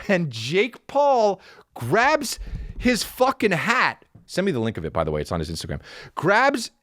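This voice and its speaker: Animated, profane man ranting on a podcast. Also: sits high, no room sound, studio quality. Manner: profane, animated storytelling with frequent restarts. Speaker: podcast host. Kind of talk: casual comedy podcast rant.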